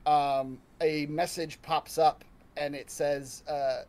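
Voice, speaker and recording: A man narrating a tabletop horror game as game master, halting and full of restarts. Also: on the high side, level tone, a little mellow. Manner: halting, restarts mid-sentence, many ums.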